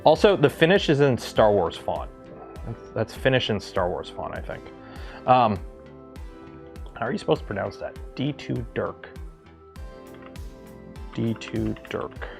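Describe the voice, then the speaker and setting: A man's voice: mid-range voice, very animated, normal speed, gravelly, long pauses, soft background music. A man from Canada hosting a livestream, talking casually and rambling with lots of ums and restarts. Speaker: livestream host.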